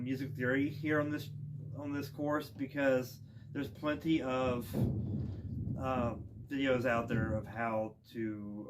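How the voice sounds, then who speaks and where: A man giving a casual instrument lesson outdoors, relaxed and rambling with plenty of ums and restarts. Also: mid-range voice, background noise. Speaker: music teacher. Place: outdoors with wind. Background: bowed string instrument playing.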